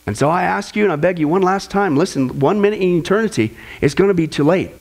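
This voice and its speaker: A male pastor preaching a sermon in a strikingly high voice. He is emphatic and earnest and leans hard on key phrases to press his point home. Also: fast talker, darkish tone. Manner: emphatic, rising to a high pitch on quotes.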